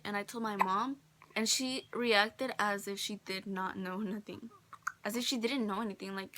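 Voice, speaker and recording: Sitting in a friend's bedroom, this teen girl shares a personal story for her casual vlog, saying "like" constantly and voicing other people's lines herself. Her pitch is medium and her intonation fairly even, at a moderate pace. Background noise can be heard.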